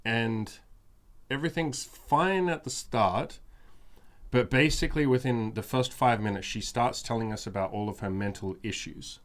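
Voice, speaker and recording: A man's voice: medium pitch, moderate pace. A man hosting a podcast, telling a story in casual chat, frank and emphatic, repeating phrases for effect. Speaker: podcast host.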